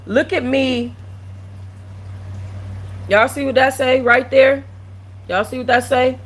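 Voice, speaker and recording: A woman's voice: sits high, steady tone, slow pace, poor audio. Blunt, emotional woman streamer. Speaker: channel host. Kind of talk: casual livestream chat.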